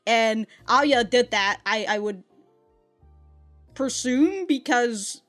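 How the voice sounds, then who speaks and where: A woman's voice: on the high side, lively intonation, takes it slowly, a bit bright, faint music behind. A woman hosting an anime reaction, chatting casually, laughing often and swearing offhandedly between fillers.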